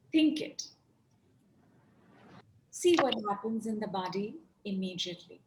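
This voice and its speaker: A woman's voice: a little high, slight background noise. A woman facilitator guiding a group exercise over a video call, stretching out her instructions with emphasis. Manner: slow, drawn-out instructions, emphatic. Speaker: workshop facilitator.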